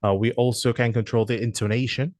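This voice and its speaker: A man explaining software features in a walkthrough, hesitant and full of "uh" fillers. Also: medium pitch, flat delivery, fairly quick, no room sound, clean studio sound. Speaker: product presenter.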